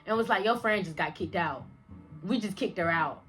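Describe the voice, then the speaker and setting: Young woman spilling a storytime, AAVE slang, bright voice, acts out every line with big jumps up and down. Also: normal speed. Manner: animated, slangy, acts out dialogue with big pitch jumps and laughs. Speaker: vlogger. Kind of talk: storytime vlog.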